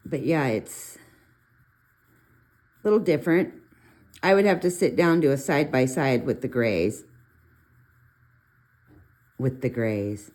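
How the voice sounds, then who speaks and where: A middle-aged woman casually talking through a colored pencil demo, chatty and rambling with animated asides. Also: very deep voice, slow pace, long pauses. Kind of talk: casual art tutorial talk.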